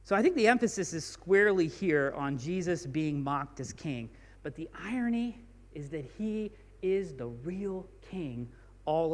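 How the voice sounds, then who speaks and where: A man's voice: fairly high pitch, big-room sound. A man preaching a sermon as a pastor, speaking informally and reading scripture aloud with rising emphasis. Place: church sanctuary.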